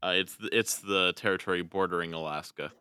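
A man with a very low voice and a strikingly bright, forceful tone, chatting casually as a podcast co-host. He is playful, laughs often and trips over his words now and then. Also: fairly even intonation, a little fast, clear, resonant tone. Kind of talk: casual chat.

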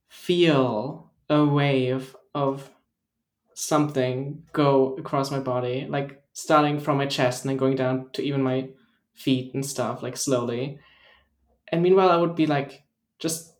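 A man's voice: fairly high pitch, reverberant. A man who speaks English as a second language after German, with an American-sounding German accent, chatting casually on a podcast and rambling with lots of fillers. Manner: rambling, filler-heavy, deadpan. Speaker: podcast co-host. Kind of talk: casual chat, story time.

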